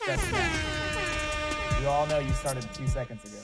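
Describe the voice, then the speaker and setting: A man's voice: mid-range voice, fast talker, over music. A man co-hosting a casual show, joking around in a playful, hyped manner. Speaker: co-host. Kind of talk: casual chat show banter.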